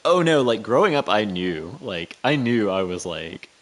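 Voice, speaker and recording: A man with a North Carolina accent in casual chat, talking in a rambling, animated way full of fillers. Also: fairly low pitch, normal speed. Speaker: co-host.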